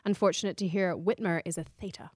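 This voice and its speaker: A woman's voice: fairly low pitch, steady tone, fast talker, a little mellow, no echo, studio quality. A woman with an Australian accent co-hosting a podcast, casually reading out viewer comments. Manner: reads comments aloud, easygoing. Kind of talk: casual live-stream chat.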